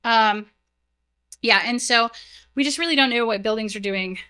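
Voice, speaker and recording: A woman's voice: fairly high pitch, moderate pace, bright, forceful tone, clear, resonant tone, no echo. A young adult woman giving a casual technical talk at a conference, chatty and self-deprecating, full of "like" and "um" fillers. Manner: chatty, heavy use of "like" and "um", self-deprecating asides. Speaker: conference speaker. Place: conference room, live talk. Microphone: stage mic, moves away while walking to slides.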